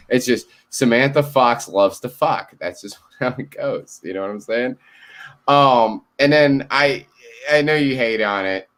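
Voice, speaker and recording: A man co-hosting a casual chat, animated and swearing freely, laughing often and acting out quotes. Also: medium pitch, a little slow. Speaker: co-host.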